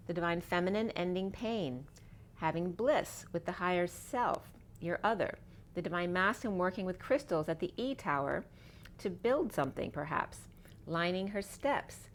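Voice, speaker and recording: A middle-aged woman with a slightly low voice talks through a spiritual tarot reading. She drifts from card to card and picks words apart in free-associating wordplay. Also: expressive, normal speed, slight background noise. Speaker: tarot reader.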